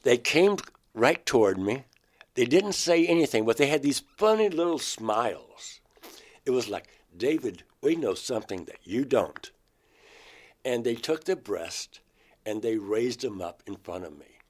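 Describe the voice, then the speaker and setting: A man's voice: mid-range voice, big pitch swings, unhurried. A man from Georgia in the United States, an interview guest vividly and emotionally retelling a personal experience. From Georgia, USA. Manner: emotional, vivid retelling, acts out his own words.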